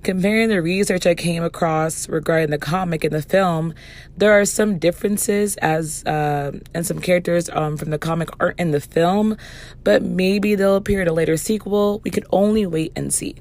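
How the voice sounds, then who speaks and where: A woman hosting a podcast movie review, hoarse from losing her voice, chatting casually. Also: fairly low pitch, moderate pace, a little mellow. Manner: chatty, with fillers and restarts. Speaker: podcast host.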